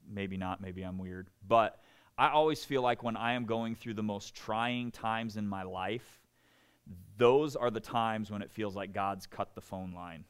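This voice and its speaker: A man preaching a sermon, speaking conversationally, asking his listeners "right?" again and again and acting out quoted voices with big swings in pitch and loudness. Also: smooth. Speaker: pastor.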